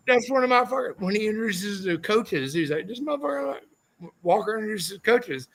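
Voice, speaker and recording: A man who raced motorcycles, telling loud and profane stories as a podcast guest, often slipping into mock quotes of other people. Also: high-pitched, very animated, brisk. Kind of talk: unfiltered storytelling, heavy swearing. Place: podcast studio.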